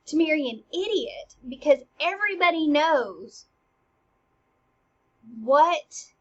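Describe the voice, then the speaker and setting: A woman casually explaining a play scene by scene. Her delivery is animated and swings between emphatic and hushed. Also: high voice, highs cut off.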